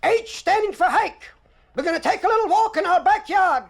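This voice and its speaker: A man's voice: very high voice, expressive, fairly quick, pitched above the performer's own voice. A man putting on a barking army drill sergeant. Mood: commanding. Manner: barked parade-ground orders. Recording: crackly vinyl record with clicks.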